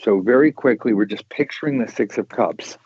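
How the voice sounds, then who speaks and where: A man hosting a casual tarot chat, talking in a loose, rambling way and often restarting his sentences. His voice sits at an ordinary middle pitch. The recording is dull and lo-fi, with very little room sound. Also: brisk, husky, no room sound. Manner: rambling, animated, with many restarts. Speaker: tarot podcast host.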